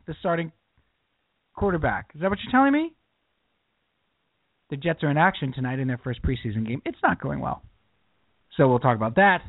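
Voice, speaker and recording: A man's voice: fairly high pitch, no echo. A man co-hosting a casual sports talk podcast, using a mock radio-announcer delivery and poking fun at himself. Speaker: podcast co-host. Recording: tinny phone-like line, faint music.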